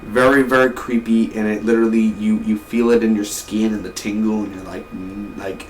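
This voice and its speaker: A man's voice: fairly low pitch, level tone, moderate pace. Man, casual film review, rambling, repeats himself, echoey room, faint background noise. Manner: rambling, repeats words, enthusiastic. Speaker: movie reviewer. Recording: roomy echo, distant mic, faint noise.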